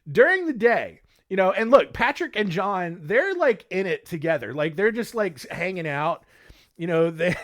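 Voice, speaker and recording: A man's voice: on the high side, a bit bright. A man hosting a casual history podcast, jokey and rambling, with many filler words. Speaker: podcast host.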